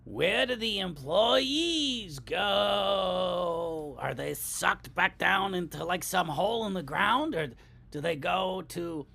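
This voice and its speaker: A man's voice: high-pitched, lively intonation, slow pace, gravelly, sharp tone. A man riffing on a comedy podcast, wondering aloud in a wandering, unsure way.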